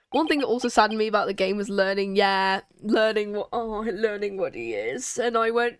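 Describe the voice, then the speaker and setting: A woman's voice: medium pitch, lively intonation, quick pace, background noise. A woman streamer giving chatty, laughing commentary while playing a game, swearing casually. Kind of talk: casual let's-play commentary. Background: game music.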